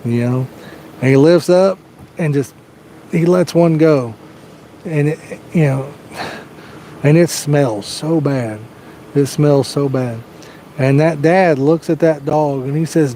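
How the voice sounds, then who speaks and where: A man's voice: fairly high pitch, slow, pauses often, dark tone, slight background noise. A man hosting a fishing livestream outdoors, chatting casually and telling a rambling joke with lots of "you know.". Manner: rambling, folksy storytelling with frequent "you know". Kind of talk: casual live-stream chat and joke telling. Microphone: personal microphone.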